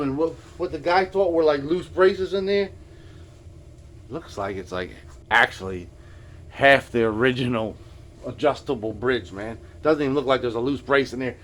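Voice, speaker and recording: Rambling, mumbling middle-aged man. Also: medium pitch. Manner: stammering, mumbling, drops to near whispers, lots of filler. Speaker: guitar repair vlogger. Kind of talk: rambling casual storytelling. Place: home workshop. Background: furnace.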